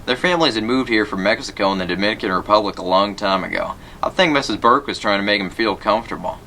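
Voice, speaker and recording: A man reads a children's novel aloud in a fairly low but bright voice. He tells the story plainly and gives the characters light voices. There is a faint rumble behind him. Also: fast, gravelly. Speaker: reader.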